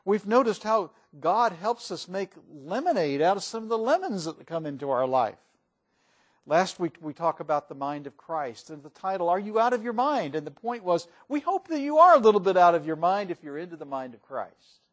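A man preaching a sermon in a church, folksy and emphatic, rising and falling in loudness for emphasis. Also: sits high, big pitch swings, moderate pace.

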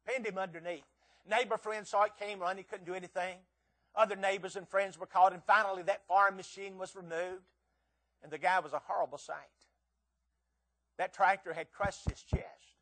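A man's voice: high voice, fairly bright tone. A man preaching a revival sermon, telling stories and acting out quoted voices with emphatic rises and drops. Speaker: visiting preacher.

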